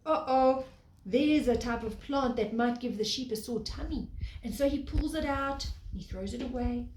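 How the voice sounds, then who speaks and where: A woman, a preschool teacher, telling a picture-book story to young children in a gentle, sing-song way, pausing to point at the pictures. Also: on the high side. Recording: echoey room, faint background noise.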